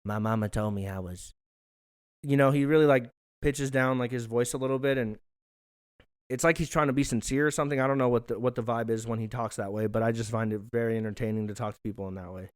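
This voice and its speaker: Young man, casual home vlog chat, swears a lot, self-mocking, smooth clear voice, mid pitch. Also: fairly even intonation, quick pace. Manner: loose, profane, self-mocking rambling. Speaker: podcast host. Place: hot living room at home.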